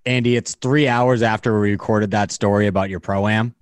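A man's voice: lowish voice, fairly even intonation, moderate pace, clear, resonant tone. A man co-hosting a casual chat, mostly chiming in with short reactions and questions. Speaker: podcast co-host.

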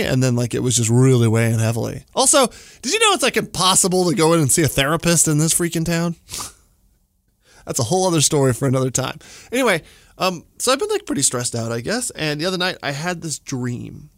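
A man in his forties rambles through a casual story, peppering it with "like" and small chuckles. His voice sits a little high for a man. The recording is dry and close, with no room sound. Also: big pitch swings, a little fast, no echo. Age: 40s. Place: studio.

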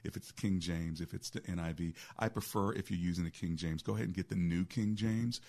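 A man's voice: low voice, a little fast, a little mellow. A man hosting a call-in radio show as a pastor, talking conversationally with preacherly asides.

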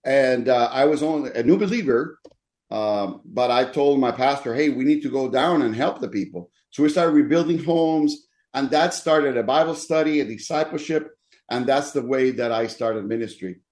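A pastor tells his own story in an interview. His medium-pitched voice is earnest, and he often pauses with fillers as he speaks. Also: a little mellow. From Dominican Republic. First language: Spanish. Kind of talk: interview guest telling his life story.

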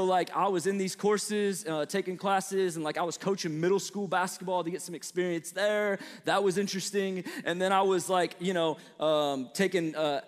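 A man's voice: high-pitched, big-room sound. A young man from the Midwestern US with a light Southern twang, preaching to college students in a casual, chatty way full of fillers and asides. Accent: Midwestern American with a slight Southern twang. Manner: conversational, storytelling, lots of fillers and asides.

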